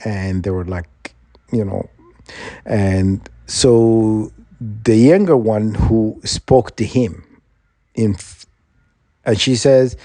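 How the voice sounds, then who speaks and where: Man, middle-aged, vlogger: warm, relaxed voice, rambling indignant storytelling, dry room. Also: fairly low pitch, no room sound. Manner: meandering, self-correcting, indignant; laughs through his own story.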